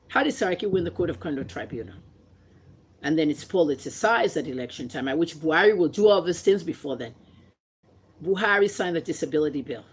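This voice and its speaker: A woman's voice: low-pitched, slightly rough. A woman from Nigeria with a Nigerian accent, vlogging her opinions in an impassioned, combative rant full of rhetorical questions. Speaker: vlogger and commentator.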